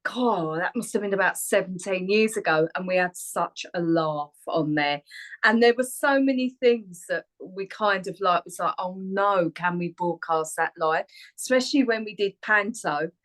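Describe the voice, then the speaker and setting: A woman's voice: medium pitch, moderate pace, rough recording. Chatty woman in her forties. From Harlow, Essex, England. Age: 40s. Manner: chatty and rambling, laughs often. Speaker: guest singer and actor. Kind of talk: casual chat on a radio interview. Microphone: remote video call.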